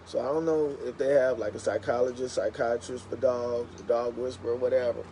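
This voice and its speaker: Chatty man telling stories, mellow voice. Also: mid-range voice, fairly quick, a little hiss or hum, poor audio. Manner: chatty, animated storyteller. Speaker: live streamer. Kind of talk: casual storytelling on a livestream.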